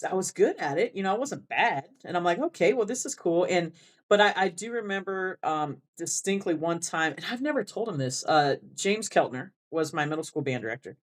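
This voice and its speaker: A woman band director with a South Texas Rio Grande Valley accent, chatting as an interview guest. She rambles with many restarts and laughs often. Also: fairly low pitch. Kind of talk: casual interview chat.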